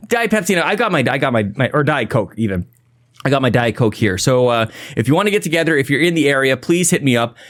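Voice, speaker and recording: A man's voice: mid-range voice, lively intonation, fast talker, a bit bright. A man hosting a podcast, chatting casually and energetically through thank-yous and plans, rambling and laughing at himself. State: a little out of breath. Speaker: podcast host. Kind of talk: casual podcast intro and shout-outs.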